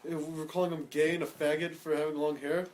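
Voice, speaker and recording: A man's voice: a little high, little pitch movement, fast talker. A young man co-hosting a podcast in casual chat, crude and joking, often laughing through his stories. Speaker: podcast co-host.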